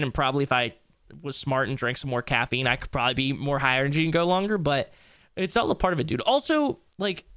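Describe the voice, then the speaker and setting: A young man chats quickly into a close mic while he streams, his talk loose, rambling and sprinkled with swearing. He sounds worn down by a long night. The room is dry, with no echo. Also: medium pitch, fairly bright tone. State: tired late in a long stream. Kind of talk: casual live-stream commentary.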